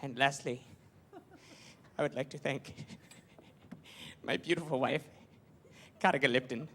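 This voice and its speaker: A man's voice: medium pitch, measured pace, sharp tone, a little hiss or hum, voice pushed down. A man doing a pompous weepy TV interviewer. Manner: grandiose, flowery, over-emotive speech. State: tearful, breaking down. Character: pompous older male TV interviewer, tearful and self-adoring.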